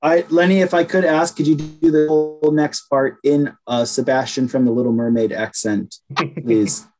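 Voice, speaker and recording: A man's voice: a little high, fairly even intonation, normal speed, over music, rough recording. A man co-hosting a podcast, teasing the others in casual chat and laughing between lines. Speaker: podcast co-host.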